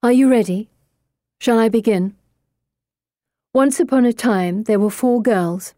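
A woman's voice: fairly high pitch, unhurried, dark tone, no echo, clean studio sound, pitched above the performer's own voice, close to an everyday voice. A woman voicing a mysterious teenage girl who tells a ghost story in a teasing, ominous way.

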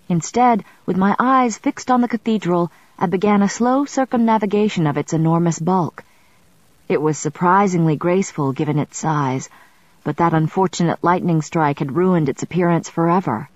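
A woman narrating a novel in the first person, in a wry and measured storytelling manner, in a slightly muffled recording. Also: fairly low pitch, darkish tone, no echo. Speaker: audiobook narrator.

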